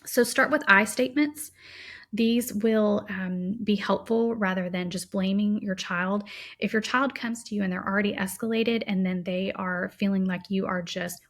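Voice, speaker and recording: Gravelly-voiced woman podcast host. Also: medium pitch, steady tone, normal speed. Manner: warm, practical, conversational with quoted examples. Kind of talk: casual teaching monologue.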